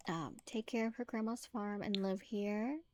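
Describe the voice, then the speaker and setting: A woman's voice: medium pitch, a little slow, a little mellow, a little hiss or hum. A woman narrating her life-sim gameplay as a casual story, chatty and full of "like" and "um.". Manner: chatty, filler-heavy with frequent "like". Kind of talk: casual let's-play storytelling.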